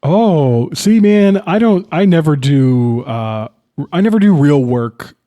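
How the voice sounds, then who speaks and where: A man's voice: on the high side, lively intonation, slow, mellow. A young man co-hosting a podcast, chatting loosely about a film and swearing often. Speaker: podcast co-host. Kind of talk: casual film discussion.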